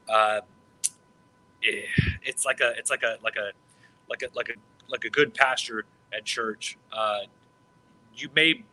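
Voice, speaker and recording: An excitable man talking casually on a podcast, with a very bright, sharp-edged tone. He swears freely and trips over his words, restarting sentences again and again. His pitch sits in an ordinary middle range. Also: measured pace, long pauses, poor audio. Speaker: podcast co-host.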